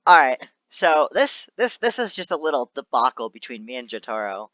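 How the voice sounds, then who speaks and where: Young male co-host, lively pitch, lo-fi dry mic. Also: normal speed, dry recording. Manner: animated, laughs often. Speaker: podcast co-host. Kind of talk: casual chat. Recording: dull, muffled mic.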